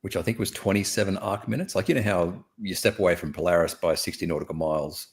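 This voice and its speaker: A man with an Australian accent and a very deep, low voice. He speaks plainly over a home mic, explaining angles and distances step by step with plenty of "um"s. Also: fast talker. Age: adult with a daughter. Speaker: guest on live online chat. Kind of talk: casual debate chat.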